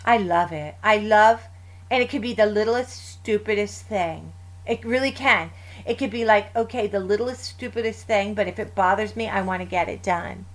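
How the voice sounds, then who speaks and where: A woman in her fifties, a guest in a casual chat, telling lively stories and acting out family voices with laughs. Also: medium pitch, normal speed.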